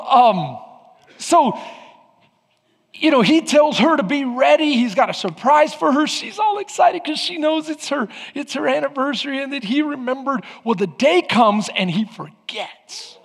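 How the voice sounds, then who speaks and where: High-voiced pastor preaching in a big hall. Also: male voice, lively intonation, measured pace, vocal fry. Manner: storytelling with audience call-outs. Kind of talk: sermon. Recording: long hall reverb.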